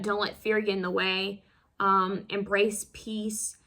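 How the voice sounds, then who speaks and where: A woman talks through a casual tarot card reading in a bright, forward voice. She rambles and loops back, fumbling her words with plenty of fillers and restarts. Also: medium pitch, little pitch movement, slow. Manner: self-conscious, fumbles over words.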